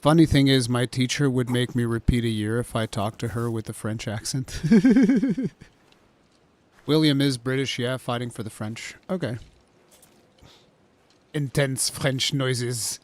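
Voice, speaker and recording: A man's voice: medium pitch, steady tone, fairly quick, hardly any pauses, no room sound. A man giving casual, joking commentary while playing a game on stream. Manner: joking, chatty, playful asides.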